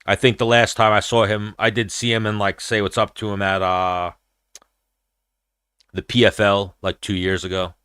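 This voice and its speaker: A man's voice: fairly low pitch, level tone, moderate pace, fairly bright tone, clean tone, no room sound, studio quality. A man hosting a combat-sports podcast, talking in a blunt, profane, rambling way. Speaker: podcast host. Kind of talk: casual combat-sports chat.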